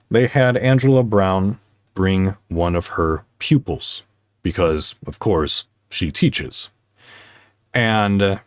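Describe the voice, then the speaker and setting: Male podcast host, deep and slow, casual heartfelt chat with lots of ums, dry recording. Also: no room sound. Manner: halting, many fillers, heartfelt storytelling. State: choked up.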